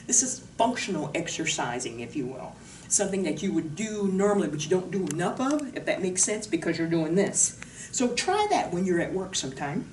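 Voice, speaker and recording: Woman, fitness instructor, bubbly and joking, lively pitch, echoey room, faint noise. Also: brisk, far from the mic. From Pacific Northwest of the US. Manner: bubbly, jokey, chatty. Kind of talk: casual exercise demonstration. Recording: roomy echo, voice from off the mic, faint noise.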